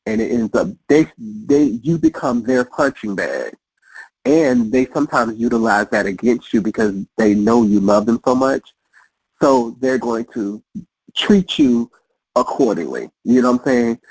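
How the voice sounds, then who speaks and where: Podcast guest, male, husky, reflective repeater, dry close sound. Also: medium pitch, unhurried, darkish tone, no room sound, rough recording. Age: adult. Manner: reflective, repeats phrases, restarts often. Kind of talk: casual conversation.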